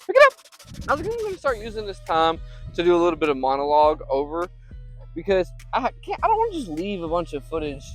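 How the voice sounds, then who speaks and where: Young dude vlogging in a field, chatty and rambly, faint music under it. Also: male voice, on the high side, low-quality recording. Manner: chatty, rambling, breaks off to call his dog. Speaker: vlogger and software company owner. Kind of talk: casual vlog monologue outdoors. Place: outdoors in a field.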